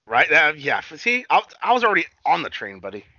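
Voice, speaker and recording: Excitable, swearing man recapping wrestling. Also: a little high, fairly quick, no room sound, lo-fi sound. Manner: excitable, profane, acts out quotes. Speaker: podcast co-host. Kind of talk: casual wrestling recap chat.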